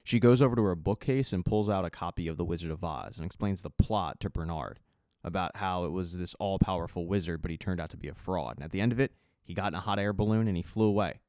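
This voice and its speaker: A man narrating a casual recap of a TV season, telling the plot in a conversational way with quick asides. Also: low-pitched, a little mellow, dry recording, clean studio sound. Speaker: recap host.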